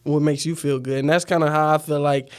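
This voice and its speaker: Quick, reflective young male host. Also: a little high, clear, resonant tone. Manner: reflective, encouraging, relaxed slang. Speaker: podcast host. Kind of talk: casual conversation.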